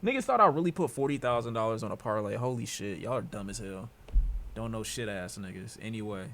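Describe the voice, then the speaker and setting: Excitable young streamer from Detroit. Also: male voice, on the low side, fairly quick, slight background noise. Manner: excitable, swearing, jumps from mutters to loud outbursts. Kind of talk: live-stream reaction commentary.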